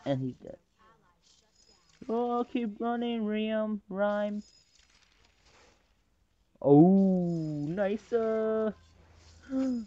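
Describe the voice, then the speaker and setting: A man casually commentating his own game match, rambling between calls and excitable in fights. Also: high-pitched, extremely slow, pauses often, no room sound. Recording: dull lo-fi recording.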